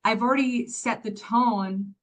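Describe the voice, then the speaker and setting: A woman's voice: a little high, a little slow. A woman talking as a guest on a podcast, chatty and candid, often filling with "like" and "right?". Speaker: podcast guest, business founder. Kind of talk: casual podcast conversation.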